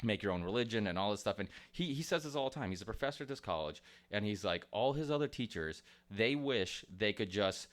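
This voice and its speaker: Low-voiced rambling male podcast host. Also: lively intonation, brisk, few pauses, fairly bright tone. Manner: rambling, many restarts, swears and laughs. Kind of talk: casual chat.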